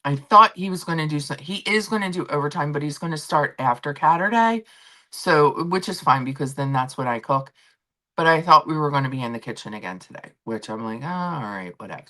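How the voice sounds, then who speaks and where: A woman's voice: deep voice, brisk, sharp tone. A woman hosting a casual stream from home, chatting and telling everyday stories with acted-out quotes. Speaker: streamer host. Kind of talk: casual chat. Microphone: laptop and phone setup.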